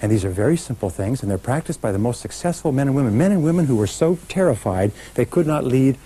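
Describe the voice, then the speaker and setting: A middle-aged man gives an emphatic motivational seminar talk, addressing a live audience and driving home each point. His voice is mellow and a little husky, at an ordinary pitch. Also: animated, quick pace, rough recording. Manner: emphatic, talks straight to a live audience, leads call-and-response chants. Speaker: motivational speaker.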